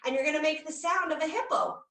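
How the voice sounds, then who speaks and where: A kids yoga instructor leads a guided children's class in a playful, coaxing way, making animal sounds as she goes. Her voice sits high and a bit bright, and she talks fast. The recording has an echoey room, with the mic far off.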